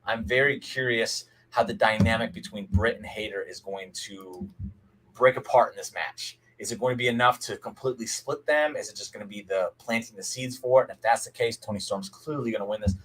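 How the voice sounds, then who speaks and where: A man's voice: fairly low pitch, a little fast, a bit bright, rough recording. A young man hosting a casual live recap of a wrestling show, chatty and opinionated, often restarting his sentences and answering viewers' chat. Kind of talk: casual live-stream commentary.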